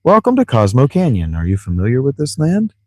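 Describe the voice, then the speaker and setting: Guy voicing a friendly video game greeter, slightly higher than his normal talk, welcoming, dry close sound. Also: huge pitch swings, fairly quick, no echo. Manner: reads game text in a lifted, welcoming tone.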